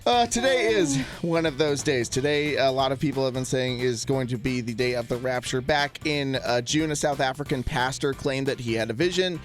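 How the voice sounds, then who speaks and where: A man co-hosting a radio show, chatting through a light news item in a relaxed way. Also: medium pitch, moderate pace, hardly any pauses, soft background music. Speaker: radio co-host, news segment. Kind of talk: casual news chat.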